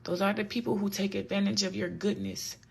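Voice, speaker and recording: A woman's voice: medium pitch, fairly even intonation, fairly quick, gravelly, breathy edge. A woman vlogger giving a casual, earnest faith talk that often repeats her points and turns preachy.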